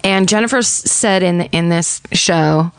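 A woman's voice: lowish voice, unhurried, clean tone, no echo. A woman co-hosting a podcast, casually retelling a true-crime story with plenty of swearing and filler words. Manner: profane, animated retelling with frequent fillers. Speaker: podcast co-host.

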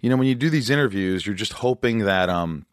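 A man with a deep, low voice hosts a podcast in a casual, animated chat. He jokes and teases his guest as he goes. The sound is dry and close, with no room echo. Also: fairly quick, clean tone. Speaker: podcast host.

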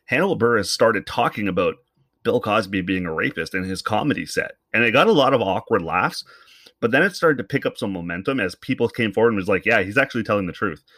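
A man's voice: on the low side, expressive, brisk, a bit bright, no echo, studio quality. A man from Canada ranting to camera in a loose, profane, rambling way, thinking aloud as he talks. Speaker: commentator. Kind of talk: solo comedic rant to camera.

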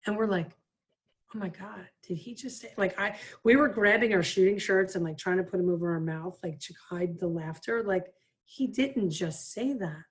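Woman, 50s, lower register, lively anecdotal guest storyteller, conversational. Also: normal speed. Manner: lively anecdotal, frequent "like" and "you know". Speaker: guest, former player and coach. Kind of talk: casual storytelling interview.

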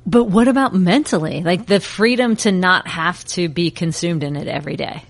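A woman's voice: on the low side, moderate pace, vocal fry. Playful American woman podcast host. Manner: playful, joking, lively intro. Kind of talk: casual interview chat.

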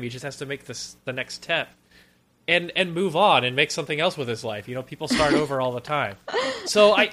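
A man co-hosting a podcast, giving a casual, sarcastic and animated review of a film. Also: on the high side. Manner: animated, sarcastic, quick with jokes.

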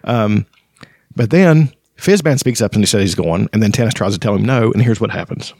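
A man's voice: fairly low pitch, lively intonation, creaky, darkish tone, breathy edge, dry recording. Rambling man talking about a book. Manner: rambling, halting, many fillers. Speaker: podcast host discussing a fantasy novel. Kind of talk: casual book discussion with read-aloud passages.

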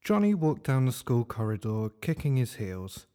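A man narrating a comic story in a dry, deadpan way. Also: mid-range voice, normal speed, clear, resonant tone.

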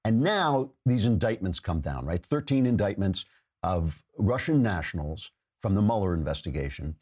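A sarcastic man talks through a political commentary monologue as podcast host. His voice is low and slightly husky, and his pitch swings widely as he mocks and jokes. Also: animated, normal speed, darkish tone. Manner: sarcastic, mocking.

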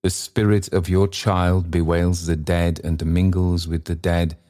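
A man voicing the stern, accusing goblin spirit of a church bell in a solemn, slow audiobook reading. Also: deep voice, level tone, warm tone.

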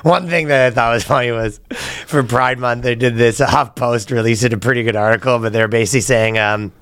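A man's voice: mid-range voice, fairly even intonation, a little fast, fairly bright tone, clear, resonant tone, no echo. A man hosting a comedy podcast, trading crude banter and acting out bits in silly voices while laughing. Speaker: podcast host.

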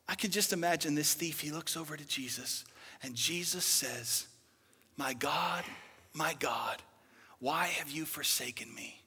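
A young male pastor preaching a sermon, swinging dramatically between loud outbursts and hushed whispers. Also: on the high side, measured pace, slightly rough. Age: young adult. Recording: reverberant hall.

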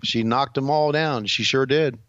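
A man's voice: mid-range voice, moderate pace, fairly bright tone, dry recording, lo-fi sound. A man co-hosting a podcast, telling dry, laid-back anecdotes in casual chat. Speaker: podcast co-host.

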